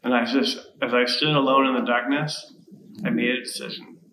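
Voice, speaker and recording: A man's voice: medium pitch, steady tone, normal speed, bright, forceful tone, reverberant, lightly acted, low-quality recording. A man playing the grieving, bitter disciple Thomas in a dramatic first-person monologue during a worship service. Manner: bitter and sarcastic. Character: grief-stricken, bitter, doubting male disciple Thomas. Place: church sanctuary.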